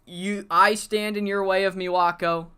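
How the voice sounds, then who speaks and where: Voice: mid-range voice, steady tone, normal speed, pushed and bright, clean tone, lightly acted. A streamer voicing a defiant female wrestler who taunts a rival in a wrestling game. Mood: taunting. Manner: cocky, taunting.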